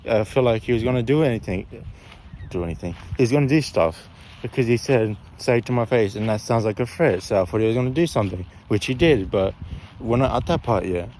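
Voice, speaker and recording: A man's voice: medium pitch, expressive, fairly quick, darkish tone, slight background noise. A young man telling a story in a casual, rambling way, often repeating and correcting himself.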